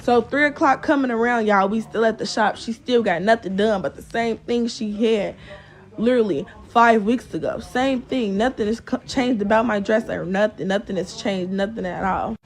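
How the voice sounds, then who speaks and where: A woman's voice: fairly high pitch, normal speed. Chatty exasperated young woman vlogger. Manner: chatty and exasperated, addresses viewers as y'all, fills with "or whatever". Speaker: storytime vlogger. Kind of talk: casual storytelling to camera.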